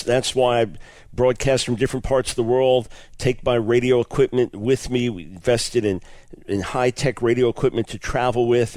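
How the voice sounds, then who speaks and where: With a mid-range, slightly mellow voice and no room sound, the man hosting the radio show teaches his topic with earnest enthusiasm. Restarts often come with repeated words.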